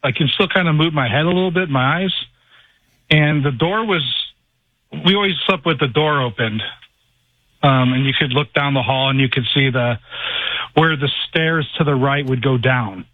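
A man calling in to a radio show, telling a personal story in a halting, rambling way, full of "like" and restarts. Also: mid-range voice, dry recording. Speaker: caller. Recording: tinny phone line.

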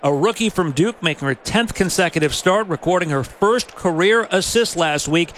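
A man working as play-by-play announcer, reading starting lineups with crisp, informative broadcast delivery. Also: high voice, expressive, moderate pace, a bit bright, a little hiss or hum.

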